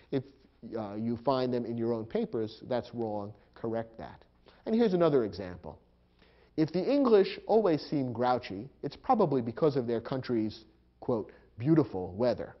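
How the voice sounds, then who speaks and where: This recorded lecture has a man walking through punctuation rules one step at a time and naming each mark aloud. His pitch is medium, and the sound quality is lo-fi.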